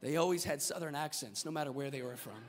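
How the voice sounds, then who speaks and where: A male pastor preaching a sermon in an energetic, humorous, conversational way. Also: on the high side, quick pace, slight background noise. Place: church sanctuary. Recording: reverberant church hall.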